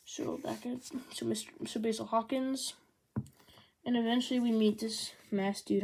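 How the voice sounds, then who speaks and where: A chatty woman talks through a manga volume in easy, casual chat. She is sarcastic and slips in quick impressions of the characters, and her voice has a gravelly, fry-heavy edge. A steady hiss and small clicks run under the recording. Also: on the high side. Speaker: manga reviewer.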